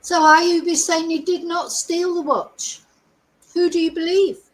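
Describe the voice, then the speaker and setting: A high, bright-pitched woman talks through a true crime case live for her viewers. She takes her time and keeps putting questions to the audience. Her manner is chatty and opinionated. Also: steady tone, a little slow, rough recording. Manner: opinionated, asks the audience lots of rhetorical questions. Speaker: true crime channel host. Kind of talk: livestream commentary to viewers.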